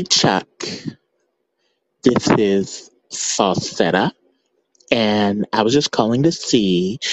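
A man playing a doting caller bragging about homemade cake in a slow, syrupy, drawn-out way, in a comedy voicemail sketch. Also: on the low side, no room sound, rough recording.

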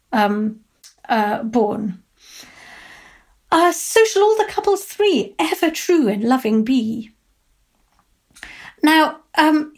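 A woman professor explains literature in a thoughtful lecture. Her voice sits high, and she pauses often with uh and um as she reasons aloud. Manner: thoughtful, with frequent uh and um.

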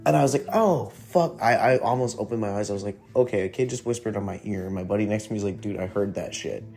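A man's voice: lowish voice, a little mellow. A young man casually telling a ghost story from his youth, rambling and swearing, with lots of fillers. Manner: profane, rambling, heavy with fillers. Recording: faint guitar music behind.

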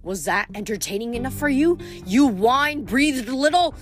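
A woman voicing a sharp-tongued teenage boy hero, speaking in an angry, snapping way in a read-aloud novel. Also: medium pitch, sing-song, fairly quick, faint music behind, natural voice. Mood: defiant.

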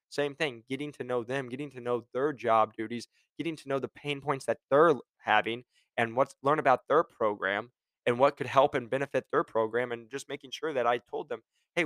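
Casual, energetic young man giving sales advice. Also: mid-range voice, no room sound. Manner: energetic, conversational, acts out phone calls; admits he gets passionate and curses. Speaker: medical device sales rep sharing advice.

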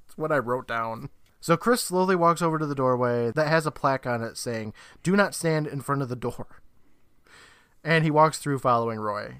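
A man's voice: medium pitch, fairly bright tone, clean tone, no echo. Man, podcast co-host, casual plot recap, chatty asides, dry recording. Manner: retells plot with quick asides and laughs.

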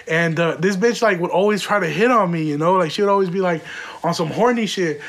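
High-voiced man telling a profane story. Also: a little fast. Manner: rambling, profane, with many "like" fillers; animated, slangy storyteller. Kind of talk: comedic storytelling.

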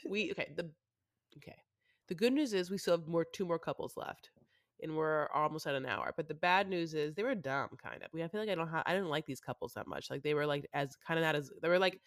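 A woman's voice: deep voice, expressive, a little fast, dry recording, studio quality. Rambling woman co-host, casual chat. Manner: rambling, full of "like" and restarts. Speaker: podcast co-host.

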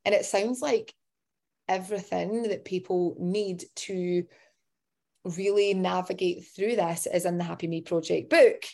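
A woman's voice: lowish voice, fairly even intonation, unhurried, gravelly, darkish tone. Encouraging woman podcast host. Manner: encouraging, emphatic repeats. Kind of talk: casual podcast chat.

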